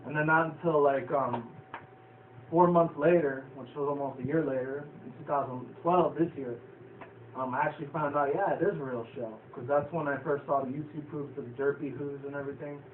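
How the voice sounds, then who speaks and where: A man's voice: a little high, fairly even intonation, a little fast. Male vlogger, casual rambling recap, profane, chuckly; tinny phone-like audio with faint background hiss. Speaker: vlogger reviewing a cartoon episode. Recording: tinny lo-fi, echoey, distant from the mic.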